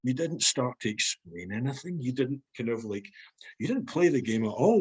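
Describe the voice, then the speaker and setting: A man's voice: mid-range voice, very animated, normal speed, husky, low-quality recording. A man with a Scottish accent, a guest speaking frankly and reflectively in a podcast conversation, swearing freely.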